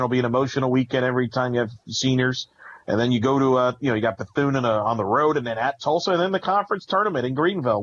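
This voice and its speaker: A man in the middle register analyzes a college team at length, piling up names and numbers as he goes. His audio is slightly muffled and lo-fi. He sounds like a talkative sports podcast host. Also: mid-range voice. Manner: rambling analytical, lists stats. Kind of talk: casual sports talk.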